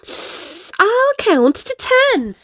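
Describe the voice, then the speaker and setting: A woman's voice: very high-pitched, sing-song, drawn-out words, fairly bright tone, no room sound, pitched above the performer's own voice, heavily acted. A woman voicing a sleepy, grinning male snake in a children's picture book, starting words with a hiss.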